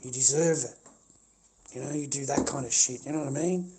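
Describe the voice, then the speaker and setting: A man's voice: mid-range voice, fairly quick, dark tone, husky. A middle-aged man ranting angrily on a livestream, swearing and repeating himself. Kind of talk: angry livestream rant.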